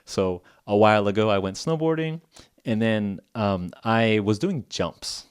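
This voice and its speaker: A man's voice: lowish voice, a little slow, clean tone, no room sound, clean studio sound. A man hosting a podcast for English learners, telling a story casually in simple words, with lots of "like" and frequent chuckles. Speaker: podcast host.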